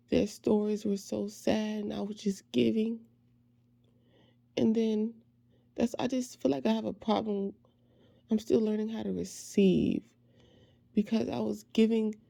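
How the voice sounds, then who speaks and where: Slow, gravelly-voiced woman confiding. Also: medium pitch, dry recording. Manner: halting, heartfelt, with soft trailing phrases. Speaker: faith ministry creator. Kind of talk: personal emotional monologue.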